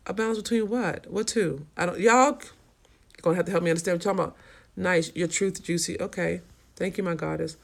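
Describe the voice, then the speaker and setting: A woman's voice: on the low side, brisk, creaky. A woman hosting a casual livestream, frankly answering viewer comments in a streetwise way. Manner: frank and streetwise, swears freely. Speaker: livestream host.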